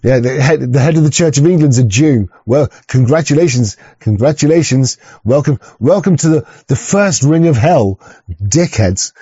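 A man's voice: mid-range voice, dark tone, breathy edge, no room sound. Ranting man with a dull, dry sound. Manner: rambling, swearing, frequent restarts, mock voices. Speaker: streamer reacting to a video. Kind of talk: profane ranting commentary.

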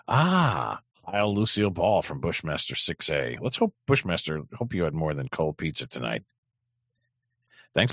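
A man's voice: deep voice, creaky, a bit bright, breathy edge, dry recording. A man hosting an online radio show, reacting bluntly and crudely to clips and often repeating himself. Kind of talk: casual reaction commentary. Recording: dry, dull lo-fi mic.

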